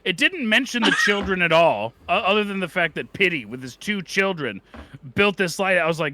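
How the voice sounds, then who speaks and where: A man's voice: high-pitched, animated, a little fast, sharp tone, no echo. A man co-hosting a podcast, telling a silly story that rambles and keeps slipping into character voices. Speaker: podcast co-host. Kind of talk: comedic storytelling. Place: away from the studio.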